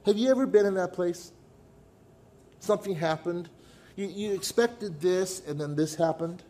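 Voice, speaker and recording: A middle-aged man preaching a sermon, telling a personal story with dramatic pauses and sudden drops to a hush. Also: sits high, slight background noise. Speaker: pastor.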